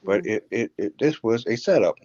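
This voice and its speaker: A man's voice: lowish voice, lively intonation, brisk, a little mellow, no room sound, muffled recording. A man in his sixties, a retired police officer calling in to a talk show, speaking bluntly with many stumbling restarts. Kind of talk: call-in show commentary.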